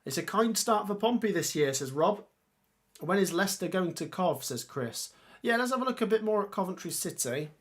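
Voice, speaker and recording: A man hosting a casual football livestream, reading viewer comments and reacting with excitable exclamations. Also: high-pitched, normal speed. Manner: chatty, excitable, exclaims often.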